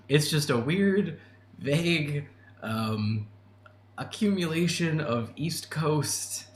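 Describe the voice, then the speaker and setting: A man's voice: medium pitch, a little hiss or hum. A man hosting a casual livestream, reading and answering chat messages in a chatty way, laughing often and restarting his sentences. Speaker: channel host answering chat. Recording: echoey room with faint ambience.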